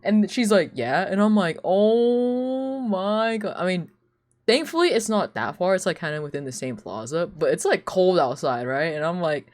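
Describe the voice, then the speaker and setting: A young woman streamer telling casual stories, animated and laughing often, with lots of "like.". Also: fairly low pitch, brisk. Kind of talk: casual storytelling chat.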